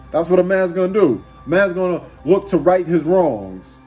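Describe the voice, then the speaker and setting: A man's voice: sits high, lively intonation, moderate pace, hardly any pauses, a little mellow, faint music behind. A man giving a profane, preachy rant, repeating rhetorical questions over and over. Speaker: commentator. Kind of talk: ranting commentary over an instrumental beat.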